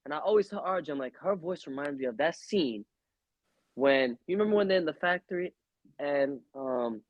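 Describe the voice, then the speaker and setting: A young man co-hosting a casual wrestling podcast, loud and joking, often slipping into mocking voices. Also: on the high side, animated, moderate pace, no room sound, lo-fi sound. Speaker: podcast co-host.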